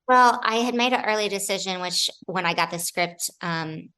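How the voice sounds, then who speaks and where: Actress guest, woman, bright lively storyteller in a casual interview. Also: mid-range voice, moderate pace, smooth. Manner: animated, acts out other people's lines.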